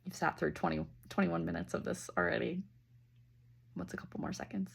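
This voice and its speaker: A woman giving a casual spiritual reading and leading slow breathing, talking loosely with fillers and the odd swear word. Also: fairly low pitch, fairly even intonation, vocal fry, breathy edge. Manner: slows down and softens into near-whispers. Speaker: intuitive reader.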